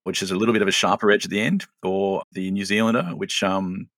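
An Australian man in his late forties telling stories in a relaxed, self-mocking way as a guest. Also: deep voice, fast, dry recording. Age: 40s. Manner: chatty, self-mocking storyteller. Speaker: guest, show creator. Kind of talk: casual interview chat.

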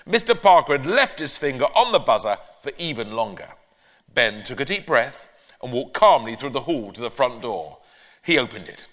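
A man's voice: mid-range voice, very animated, normal speed, a bit bright. A man, an author, reading his own storybook aloud expressively to an audience, then answering interview questions. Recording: echoey live hall.

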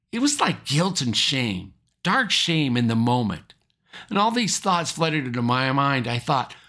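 A man's voice: a little high, fairly bright tone. A man, a pastor, preaching a sermon and telling a personal story in an earnest, storytelling way.

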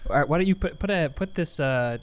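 A man's voice: fairly high pitch, animated, fast talker, heavy background noise. A man joining an improvised comedy bit in a casual, chuckling manner.

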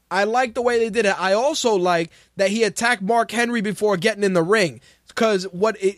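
A man's voice: high voice, fairly bright tone, no echo, studio quality. A man hosting a radio talk show, ranting in casual, profane commentary and sounding exasperated. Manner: ranting, exasperated, swears freely.

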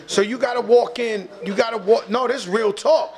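A man with a New York accent, a guest telling a long story in a casual, animated, slangy way. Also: very high voice, normal speed. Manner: animated, slangy, profane, acts out other people's voices.

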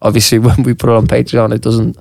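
A man with an Australian accent co-hosting a podcast, telling stories in a chatty, animated way and swearing freely. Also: medium pitch, fast talker, vocal fry, no room sound, clean studio sound. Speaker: podcast co-host. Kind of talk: casual chat and storytelling.

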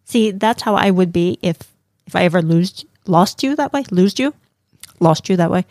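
A woman's voice: fairly low pitch, normal speed, darkish tone, no echo, studio quality. A woman co-hosting a casual film review podcast, emotional and giggly, with many fillers. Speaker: podcast co-host.

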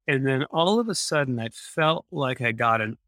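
A man's voice: medium pitch, expressive, normal speed, pushed and bright, no room sound, studio quality. A man, a podcast guest, telling a personal story in an earnest way and repeating phrases for emphasis.

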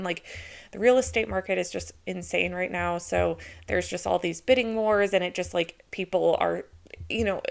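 A woman hosting her own podcast, telling a personal story in a chatty, excitable way with lots of casual fillers. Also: on the low side, creaky. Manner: introverted by her own account. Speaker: podcast host.

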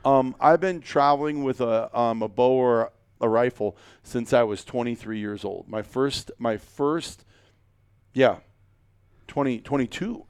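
Rambling, jokey man with a smooth voice. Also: mid-range voice, measured pace, a little mellow, no echo, studio quality. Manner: rambling, jokey, many fillers and restarts. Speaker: podcast host. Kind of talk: casual chat.

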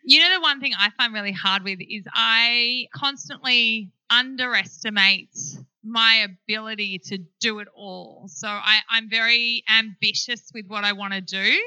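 Frank, lively woman founder on a panel; slightly high, dry close-miked voice. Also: measured pace, clean tone, dry recording, rough recording. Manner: animated, frank storyteller. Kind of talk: live panel discussion.

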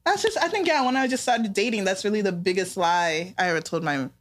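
A woman's voice: medium pitch, brisk. A woman in her twenties co-hosting a podcast, chatting casually and acting out quotes. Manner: animated, laughing, acts out quotes. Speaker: podcast co-host. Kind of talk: casual chat.

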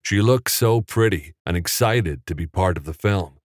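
A man reading an audiobook chapter in a measured, even storytelling manner. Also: low-pitched, no room sound. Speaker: audiobook narrator. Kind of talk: scripted audiobook narration. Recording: dry, close.

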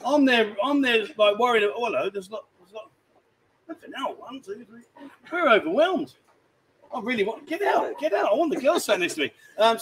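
A man's voice: sits high, creaky, a bit bright, slight background noise, rough recording. A man hosting a livestream from a bar, chatting casually, teasing and rambling. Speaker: livestream host. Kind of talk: casual banter. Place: bar, indoors.

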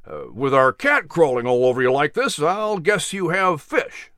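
A man's voice: fairly high pitch, big pitch swings, normal speed, sharp tone, dry recording, studio quality. A man voicing a keen, friendly young disciple in a storybook reading. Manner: eager, urging. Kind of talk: storybook narration.

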